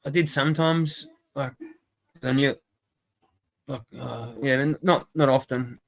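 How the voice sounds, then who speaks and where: A man's voice: mid-range voice, steady tone, measured pace, gravelly. A man hosting a casual livestream chat, rambling, swearing and laughing often. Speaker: stream host.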